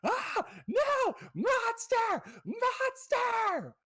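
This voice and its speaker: A man's voice: very high-pitched, wildly swooping pitch, extremely slow, pushed and bright, voice pushed up, full character voice. A man voicing a hysterical little boy screaming that a monster is coming, in a tabletop game. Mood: terrified. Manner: hysterical shrieking.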